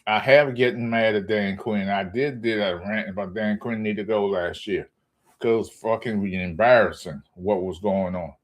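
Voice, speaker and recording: A man ranting in a casual sports vlog, profane and animated, jumping up into high exclamations. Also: normal speed. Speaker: sports vlogger.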